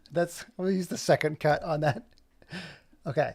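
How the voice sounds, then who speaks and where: A man's voice: a little high, a little slow, a little mellow. A man chatting casually and thinking aloud as he edits an animation, muttering to himself while he works. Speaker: video creator editing an animation. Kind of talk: casual live chat while working.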